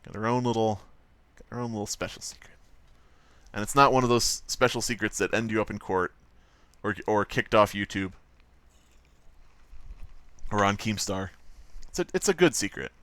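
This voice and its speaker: A man's voice: fairly low pitch, normal speed, pauses often, a bit bright, no room sound. A man hosting a live stream, chatting casually and rambling with jokes and frequent swearing while he draws. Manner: rambling, joking, swears freely. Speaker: livestream host.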